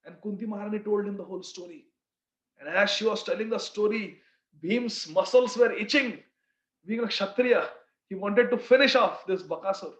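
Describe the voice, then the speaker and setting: A man teaching a devotional scripture class through animated, expressive storytelling. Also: sits high, normal speed. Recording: roomy, slightly dull recording.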